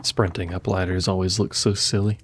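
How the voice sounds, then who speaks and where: A man's voice: deep voice, flat delivery, moderate pace, a little hiss or hum. A man streaming a video game, chatting casually with his viewers and muttering to himself as he plays. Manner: casual, swears now and then. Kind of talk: live gameplay commentary.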